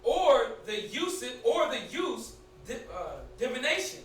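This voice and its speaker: A man's voice: very high voice, very animated, a little slow, fairly bright tone, very echoey, recorded from a distance, slight background noise. A man reading scripture verses aloud in short prompts during a study. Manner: short prompts, responds "come". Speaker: scripture reader.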